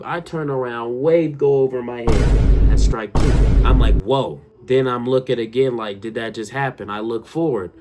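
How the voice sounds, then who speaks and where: A young man telling a funny personal story straight to his viewers, animated and slangy, often calling them "y'all". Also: medium pitch, noisy background. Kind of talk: casual storytime monologue.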